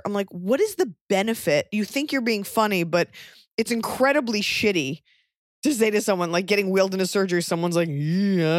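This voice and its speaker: A woman's voice: medium pitch, brisk, no echo, studio quality. A pregnant woman co-hosting a podcast, chatting casually and telling blunt, joking stories. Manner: blunt, joking, animated storytelling. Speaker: podcast co-host. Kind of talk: casual chat.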